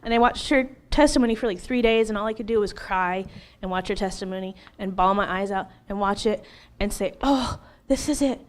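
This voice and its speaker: A woman in her thirties giving an earnest, animated personal testimony as an interview guest, laughing now and then between lines. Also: medium pitch, a little fast.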